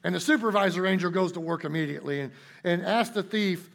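A pastor delivering a sermon in a folksy, emphatic manner, drawing out his key points. His voice is high for a man and carries a gravelly, creaky texture. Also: fast talker.

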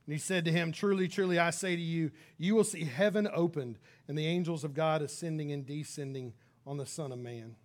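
A man preaching a conversational sermon as pastor, casual and lively, slipping into little voices for the people he quotes. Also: a little high, fairly quick, hardly any pauses. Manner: casual and animated, acts out quoted speakers.

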